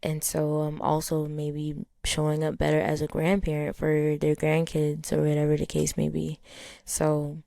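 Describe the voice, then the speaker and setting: A woman in her thirties hosting a podcast, talking casually and encouragingly with many pauses and ums. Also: sits low, monotone, gravelly, dark tone, no room sound, studio quality. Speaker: podcast host.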